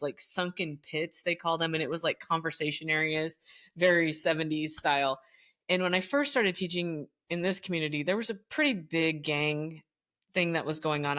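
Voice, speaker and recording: A middle-aged woman, a former teacher, telling stories as a podcast guest in an animated way, leaping up in pitch whenever she quotes someone. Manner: animated, jumps high in pitch when quoting others. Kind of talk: casual storytelling conversation.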